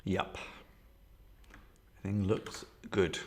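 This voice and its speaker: A man with a fairly low voice streaming a solo tabletop game. He chats casually and thinks aloud, rambling with lots of fillers and restarts. He speaks into a desktop setup with a camera. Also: little pitch movement, slow.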